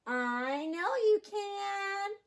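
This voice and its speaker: A woman voicing a gentle, encouraging mother duck in a children's storybook reading, speaking softly and coaxingly. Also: extremely high pitch, animated, extremely slow, voice pushed up, full character voice. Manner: soft, coaxing.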